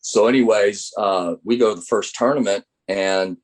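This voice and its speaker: Middle-aged American man, low-pitched coach, animated anecdotes with acted-out quotes. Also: normal speed. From United States. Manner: animated storyteller acting out quoted dialogue. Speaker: college baseball assistant coach. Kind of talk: interview storytelling.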